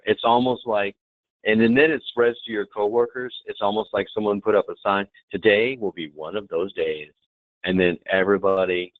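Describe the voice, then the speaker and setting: A man presenting a hospitality training webinar, demonstrative and lively, often checking in with the audience. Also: sits low, dry recording. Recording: tinny phone-like webinar audio.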